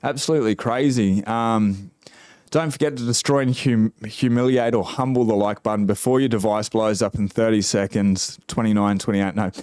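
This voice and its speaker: A man's voice: lowish voice, steady tone, normal speed, a little mellow, clean tone, no room sound, clean studio sound. A man with an Australian accent hosting a casual livestream, chatting with viewers and reading their comments in a laid-back, slangy way. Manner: laid-back, drawling, slangy, with many fillers. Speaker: livestream host.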